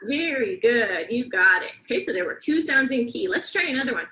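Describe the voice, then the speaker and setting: A woman's voice: a little high, lively intonation, pushed and bright. Upbeat woman teacher in an echoey room. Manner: slow, clear, encouraging instruction with call-and-response counting. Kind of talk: demonstration phonics lesson with young students.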